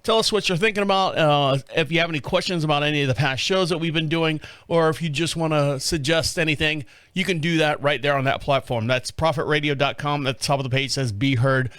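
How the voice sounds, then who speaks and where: A man's voice: fairly high pitch, fairly even intonation, fast talker, few pauses, a bit bright, smooth, dry recording. A man hosting a podcast in a studio, who talks in a casual, folksy, rambling way and jokes along as he goes. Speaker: podcast host. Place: small radio studio. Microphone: studio microphone.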